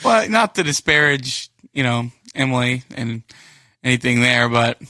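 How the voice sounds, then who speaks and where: A man's voice: medium pitch, animated, a little slow, sharp tone, no room sound, studio quality. A young man co-hosting a podcast in casual chat, often hesitating and restarting his point. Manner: hesitant, many fillers and restarts when making a point. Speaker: podcast co-host.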